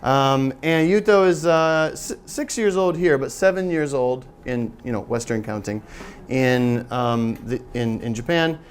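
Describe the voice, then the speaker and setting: A man's voice: medium pitch, expressive, unhurried, slight background noise. A middle-aged man giving a live teaching seminar to an audience, chatty and joking as he draws the room in. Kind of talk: live workshop presentation.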